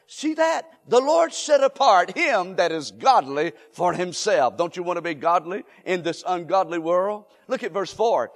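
High-voiced preacher in a reverberant hall. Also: male voice, big pitch swings, a little slow, hardly any pauses. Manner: rising to emphatic shouts, leads call and response. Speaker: pastor. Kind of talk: sermon. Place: church sanctuary.

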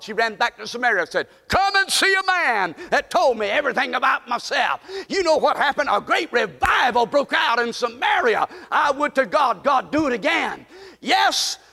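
Man preaching a sermon, fervent and shouting, very high bright voice, long hall reverb. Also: gravelly.

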